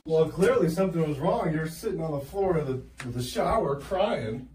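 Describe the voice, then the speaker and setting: A man in a prank clip, gently coaxing and questioning his partner. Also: fairly high pitch, lively intonation, normal speed. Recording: roomy phone video from a distance.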